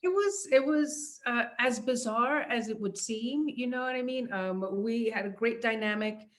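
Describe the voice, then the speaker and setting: A woman's voice: on the high side, measured pace. A middle-aged woman answering interview questions about her acting work, talking casually with many fillers and restarts, and laughing easily. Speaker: actress being interviewed.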